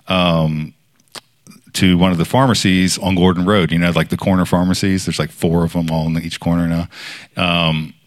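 A man preaching informally, telling a personal story in a casual, rambling way with many fillers, his voice jumping up when he quotes others. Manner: animated when quoting others, voice jumping high.

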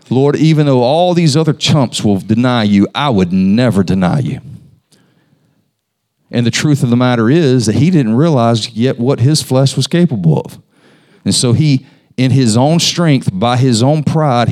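A man's voice: medium pitch, a little mellow. A man preaching a sermon, talking conversationally and asking his listeners questions. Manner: conversational, asks the congregation questions.

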